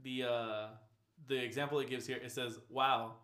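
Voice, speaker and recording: A man's voice: medium pitch, fairly even intonation, moderate pace, a bit bright. A young man chatting casually as a podcast co-host, swearing freely and laughing often. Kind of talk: casual profane chat. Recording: echoey room.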